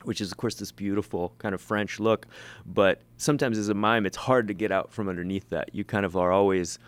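Male interview guest, deep-ish voice, loose and self-deprecating, lots of false starts. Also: steady tone, brisk, smooth. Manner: rambling, self-mocking, many restarts. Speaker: mime performer and teacher, guest. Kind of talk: casual interview chat.

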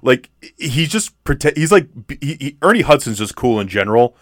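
A man on a podcast, one of its co-hosts, talks casually about a movie at normal speed, rambling with many fillers and restarts. His mid-range voice is very animated and a bit bright. The recording is dry and studio quality.

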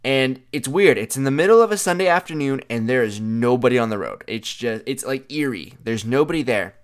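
Young man, mid-pitch, smooth clear voice, animated chatty storyteller. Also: brisk. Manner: animated, chatty, filler-heavy with "like". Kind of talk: casual storytelling monologue.

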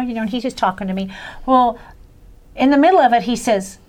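A woman, a guest in a faith talk, telling her own story in a lively, chatty way with frequent laughter. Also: a little high, a little fast. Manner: animated storyteller, laughs often, acts out voices. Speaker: guest sharing a faith testimony. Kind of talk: casual storytelling chat.

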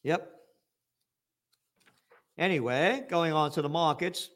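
An older man from the Bronx, hosting a news commentary show in a profane, combative manner that breaks into shouting. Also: fairly high pitch, takes it slowly. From the Bronx, New York. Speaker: host of a trends news show.

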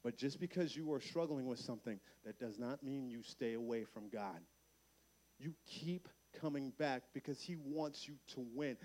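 A man preaching a lively youth sermon at a camp meeting, acting out voices in his stories. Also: medium pitch, normal speed. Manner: energetic preaching, acts out voices in quotes. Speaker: camp speaker.

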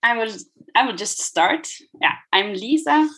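Slow, hesitant woman. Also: on the high side, lively intonation, a bit bright, low-quality recording. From Germany. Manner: searching for words, hesitant. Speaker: violinist guest. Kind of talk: casual interview answers.

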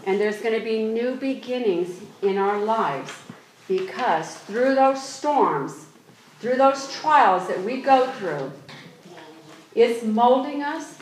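A woman preaching a sermon, reading scripture aloud slowly and exhorting her congregation earnestly. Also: a little high, animated. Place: church. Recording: echoey room with faint noise.

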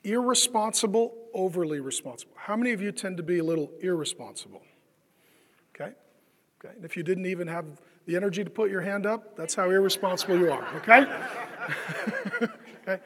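A man's voice: high-pitched, animated, brisk, long pauses, fairly bright tone, big-room sound. A man preaching a conversational sermon as pastor, often asking the congregation questions and acting out the voices of the people he describes. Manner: conversational, asks the crowd questions, acts out quoted voices.

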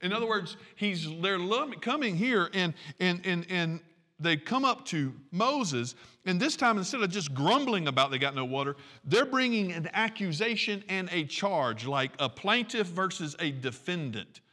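Animated preacher in a reverberant hall. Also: male voice, high-pitched, normal speed. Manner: animated, conversational preaching with audience asides. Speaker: pastor. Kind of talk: sermon.

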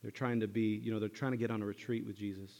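Low-voiced pastor preaching, animated. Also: male voice, fast, vocal fry. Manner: conversational and animated, acting out voices of the disciples. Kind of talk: sermon. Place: church. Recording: church hall with long reverb.

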